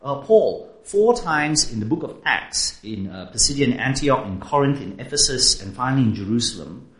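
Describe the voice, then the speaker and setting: A man delivering a sermon in a conversational way, often stopping to put questions to his listeners. His voice rises and falls in a lively way. The recording has a noticeable roomy echo. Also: medium pitch, moderate pace. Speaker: preacher.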